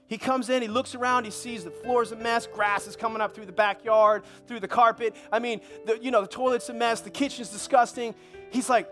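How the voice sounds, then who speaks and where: A man's voice: extremely high pitch, fairly even intonation, brisk, bright, forceful tone, faint music behind. A male pastor preaching a sermon at a church service, conversational, with repeated words and restarts.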